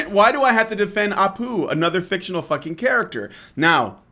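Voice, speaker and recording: A man hosting a podcast, ranting in a fairly high voice. He swears freely and sounds exasperated, piling up "like" and "you know" and restarting sentences as he goes. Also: expressive, normal speed, bright, forceful tone. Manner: profane, exasperated, with frequent fillers and restarts. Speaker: podcast host. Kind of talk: heated casual rant.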